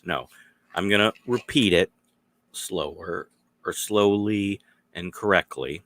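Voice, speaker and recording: A man rambles through a solo podcast, drifting between thoughts and acting out small exchanges. His voice sits very low and his delivery is unhurried. The recording is dry, with no room sound. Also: a bit bright, no echo. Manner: meandering, acts out little dialogues. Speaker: podcast host.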